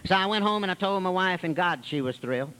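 A man's voice: high-pitched, expressive, fast talker, pushed and bright, clear, resonant tone, low-quality recording. A man speaking at a recovery meeting, telling his story in a folksy, wry way with long piled-up lists. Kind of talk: storytelling testimony.

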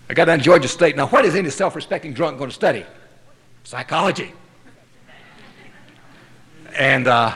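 A man's voice: fairly high pitch, fairly bright tone. A man from North Carolina giving a personal recovery testimony at a meeting, telling it in a wry, self-mocking way. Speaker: speaker sharing his story at a recovery meeting.

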